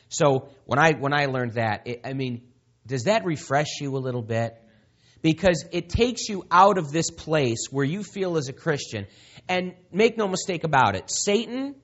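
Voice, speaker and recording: A male preacher giving a sermon in an emphatic, conversational way, often asking the audience questions. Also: medium pitch. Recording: dull lo-fi recording.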